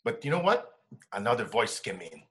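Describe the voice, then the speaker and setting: A man from Brazil, an interview guest and coach telling his life story with animated shifts between hushed tones and loud laughing bursts. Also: lowish voice, brisk. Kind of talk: emotional storytelling in conversation.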